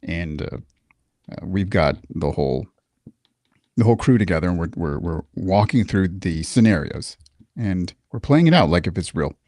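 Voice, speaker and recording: A man's voice: sits low, moderate pace, dry recording, studio quality. A middle-aged man from Texas, a guest in a casual interview, telling stories candidly with profanity and many restarts. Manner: profane, candid, animated storyteller with frequent restarts. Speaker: podcast guest, military veteran.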